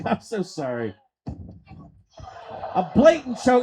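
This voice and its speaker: A man calling wrestling play-by-play on a live stream, excitable and profane, swinging into shouts. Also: extremely high pitch, moderate pace, a little hiss or hum, poor audio. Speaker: play-by-play commentator.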